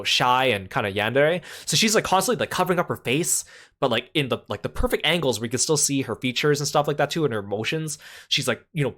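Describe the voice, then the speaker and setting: A man's voice: mid-range voice, a bit bright. A man casually recapping a trip in a chatty voice, full of fillers like "like" and "uh".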